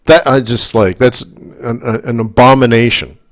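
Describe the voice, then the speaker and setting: Man from Canada, forex coach running live commentary, mid-range pitch, chatty and prone to heated tangents. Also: fairly even intonation, moderate pace. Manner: rambling, talks in asides, keeps checking in with the audience; gets worked up and emphatic. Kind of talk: live market commentary webinar.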